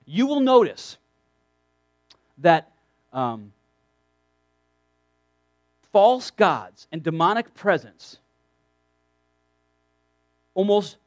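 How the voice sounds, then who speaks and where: A man's voice: high voice, big pitch swings, drawn-out words, pauses often, dry recording. A man preaching a sermon to young people, reading scripture aloud and breaking off into emphatic asides, with frequent restarts. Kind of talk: sermon to a youth group.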